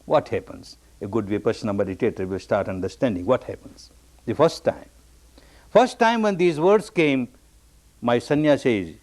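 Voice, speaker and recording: A man's voice: mid-range voice, animated, moderate pace, a little mellow. A man giving a meditation discourse, telling teaching stories, repeating key phrases for emphasis and acting out the people he quotes.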